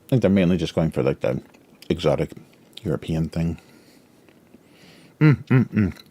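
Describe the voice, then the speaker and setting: His voice is a rumbling low, fairly quick, and mellow as this cartoonist streams himself drawing. He eats while he talks, rambling with lots of fillers and frequent chuckles.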